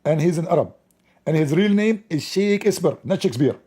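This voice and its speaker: A man's voice: on the high side, animated, a little fast, warm tone, breathy edge, pitched above the performer's own voice. A man putting on a pompous male dictator making a boastful speech, raised and declaiming. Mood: grandiose.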